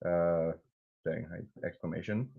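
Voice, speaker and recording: A man's voice: low voice, fairly even intonation, unhurried, vocal fry, slightly rough, narrow, tinny audio. A man hosting a live cocktail stream, chatting casually and rambling between topics while reading out viewer comments. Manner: rambling, jokey, reads out chat comments. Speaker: live cocktail show host.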